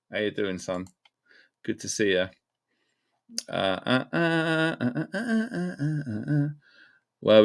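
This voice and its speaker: A man hosting a live stream, chatting casually and greeting viewers one by one by name and place. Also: medium pitch. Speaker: livestream host.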